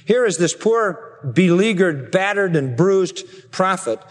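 A man's voice: sits high, animated, unhurried, long reverb tail. A man preaching a sermon, earnestly explaining and paraphrasing scripture. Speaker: pastor.

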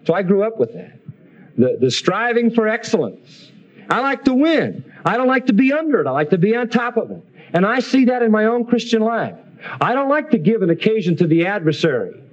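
Male Bible preacher, fairly high voice, animated sermon, dull broadcast sound. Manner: lively preaching, swings between slow emphatic quotes and quick asides. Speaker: Bible teacher.

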